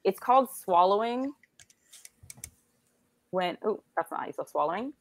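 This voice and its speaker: A woman's voice: mid-range voice, animated, normal speed. A woman with a North American accent, teaching a casual online English lesson over a video call. She explains patiently and chattily, often saying "like". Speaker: English tutor.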